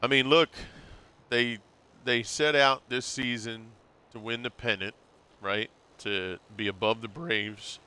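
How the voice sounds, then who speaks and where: A man's voice: medium pitch, fairly even intonation, slow, sharp tone, clear, resonant tone. A man streaming live, chatting casually and rambling, calling his viewers bro. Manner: laid-back, rambling, calls viewers bro.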